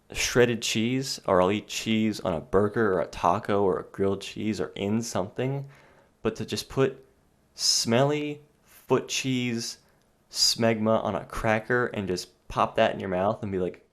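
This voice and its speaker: Deep-voiced man ranting on a podcast. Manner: rambling, sarcastic, exasperated. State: out of breath. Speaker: podcast host. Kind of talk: solo podcast rant.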